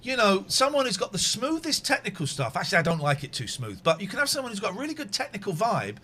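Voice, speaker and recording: A man hosting a casual livestream, chatting with a co-host and a caller, excitable and swinging from mumbles to shouts. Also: high voice, fast, a little hiss or hum.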